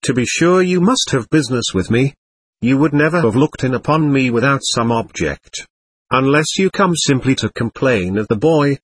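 A man's voice: medium pitch, fairly bright tone, breathy edge, dry recording. A man doing a bitter, clowning shabby captain. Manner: ironic, self-abasing rambling.

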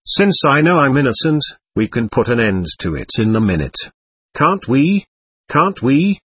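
A nervous, effusive man under questioning, slightly drunk and talking over himself, as a male audiobook reader voices him. His voice swings lively up and down with a husky edge, and the dry recording keeps it close. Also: medium pitch, dry recording. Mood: eager. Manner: nervous, quick and pleading, repeats himself. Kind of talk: audiobook reading.

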